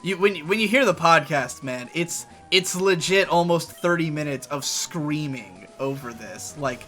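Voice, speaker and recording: Male co-host from Canada, high and bright, rants animatedly over gameplay. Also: unhurried, soft background music. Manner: rambling, animated ranting. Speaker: co-host of a gaming channel. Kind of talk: casual chat over gameplay.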